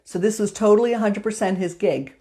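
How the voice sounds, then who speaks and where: A woman's voice: mid-range voice, brisk, warm tone. A woman hosting a motivational live stream, telling a story in a chatty way with filler words. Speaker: host.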